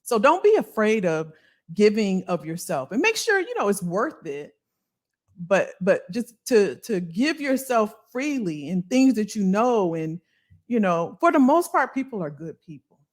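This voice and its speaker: A woman's voice: medium pitch, a little slow. A woman in her fifties, a career coach, talking casually to her livestream viewers and answering their chat messages. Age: 50s. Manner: animated, chatty, reads and answers live chat, addresses viewers as y'all.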